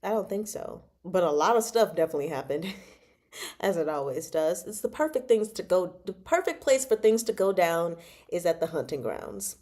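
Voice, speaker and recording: A woman's voice: fairly low pitch, sing-song, normal speed, dark tone. A woman hosting a casual book chat, bubbly and giggly as she retells a novel's scenes. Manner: bubbly, giggly, retells dialogue in playful voices.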